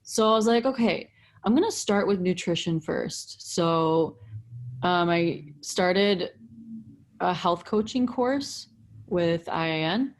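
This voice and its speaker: A young woman, a breathwork facilitator, telling her story in casual chat, animated, swearing freely and saying "like" a lot. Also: lowish voice, slow pace, a little hiss or hum. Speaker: breathwork facilitator, podcast guest.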